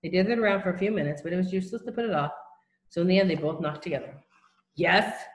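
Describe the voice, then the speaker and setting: A woman reads a children's novel aloud, narrating plainly and unhurriedly with a few small slips, yet also rapid-fire. Her voice is on the low side and slightly mellow, with a noticeable room echo.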